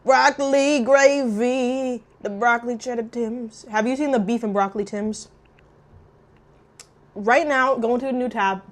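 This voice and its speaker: A young woman chatting casually while eating on camera, loud and profane, jumping between shrieks and low mutters. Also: fairly even intonation, normal speed, long pauses. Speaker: mukbang vlogger. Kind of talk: casual eating vlog chat.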